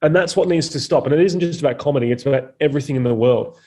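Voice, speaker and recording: A man's voice: on the high side, racing, mellow. A man, a comedian guest on a podcast, speaking bluntly and opinionatedly and swearing freely in casual conversation.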